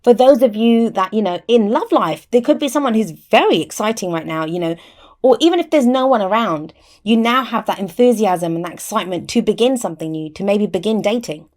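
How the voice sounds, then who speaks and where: A chatty tarot reader talks to camera, explaining each card in a casual reading while often starting sentences over and saying "I always say." Her voice is mid-range, expressive, a little mellow and fairly quick, and her microphone is close at hand within arm's reach.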